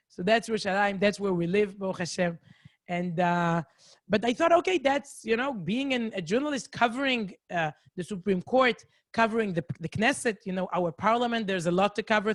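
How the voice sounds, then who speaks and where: A woman from Israel speaks English with an Israeli accent, telling her story to a faraway community over a video call. She is chatty and self-mocking, full of little asides. Her voice sits at a middling pitch, and the sound is dry and close. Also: no echo. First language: Hebrew. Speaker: guest lecturer. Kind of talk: lively storytelling talk to a community. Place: home in a city, indoors.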